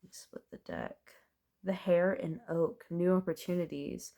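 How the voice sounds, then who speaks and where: A woman's voice: lowish voice, fairly even intonation, measured pace, vocal fry, warm tone. A woman doing a casual, chatty tarot reading, thinking aloud as she turns the cards and laughing now and then. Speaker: tarot reader.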